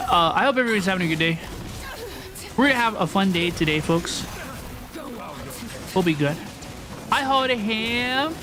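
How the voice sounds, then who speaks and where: A young man with a notably high voice chats playfully with his live-stream viewers as he plays, greeting them and repeating his little phrases. Faint game music sits behind him. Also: normal speed, long pauses. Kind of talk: casual live-stream chat while gaming.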